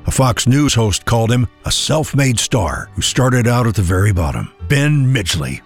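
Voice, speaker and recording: A man's voice: medium pitch, very animated, moderate pace, breathy edge, soft background music. Earnest male ad narrator. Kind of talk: scripted political ad narration.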